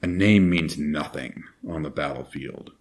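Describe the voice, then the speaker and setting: A man impersonating Solid Snake, gravelly and grim. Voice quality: deep gravelly morning voice. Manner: slow, brooding, grim delivery. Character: gruff, weary middle-aged male soldier. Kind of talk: character impression.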